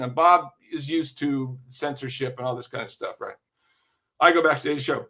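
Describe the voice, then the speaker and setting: An older man, a music industry veteran, telling animated, profane anecdotes in an interview and tagging his points with "right?". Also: mid-range voice, moderate pace. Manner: lively, profane, keeps checking in with "right?".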